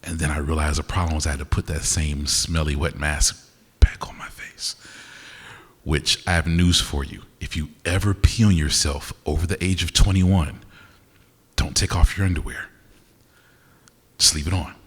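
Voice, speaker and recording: A man's voice: rumbling low, steady tone, moderate pace, husky. A man performing live in a university auditorium, joking and doing call-and-response with the audience. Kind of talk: stand-up style crowd work. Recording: reverberant hall, live event.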